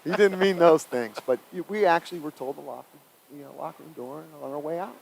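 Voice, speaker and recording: A middle-aged man, a high school football head coach telling stories in a casual chat, animated and laughing. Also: fast, creaky, a little hiss or hum, low-quality recording.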